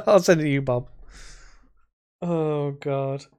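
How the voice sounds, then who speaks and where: A man's voice: on the high side, drawn-out words. Foul-mouthed, rambling male podcaster. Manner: rambling, heavy swearing, animated storytelling. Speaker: podcast co-host. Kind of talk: casual gaming chat.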